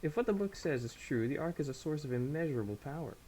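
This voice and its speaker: A man's voice: a little high, animated, fast talker, dark tone, pitched above the performer's own voice, rough recording. A man voicing a fierce, vengeful female sky pirate captain as he reads game dialogue aloud without an accent. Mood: grand.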